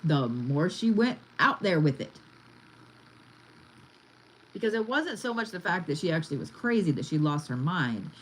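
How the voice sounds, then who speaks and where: A woman's voice: low voice, very animated, normal speed, pauses often, a little hiss or hum, poor audio. A woman giving a casual card reading, chatty and blunt, swearing freely as she talks. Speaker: tarot reader.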